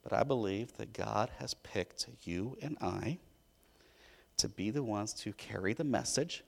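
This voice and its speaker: A man preaching a sermon as a pastor, telling a story in an animated way and swinging between loud and hushed. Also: on the low side, a little slow, gravelly.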